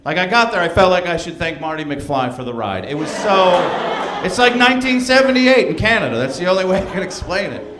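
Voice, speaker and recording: A man's voice: sits high, sing-song, fairly quick, echoey room, a crowd in the background. A man doing a stand-up routine in a rambling, wry way. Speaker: stand-up comedian.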